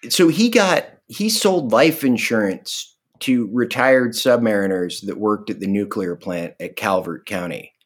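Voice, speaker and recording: A man's voice: on the low side, a little slow, few pauses. A man from Virginia chatting casually as a podcast co-host, telling stories with acted-out quotes and swearing. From Virginia, USA. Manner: animated storyteller, acts out quoted voices, swears. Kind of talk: casual chat.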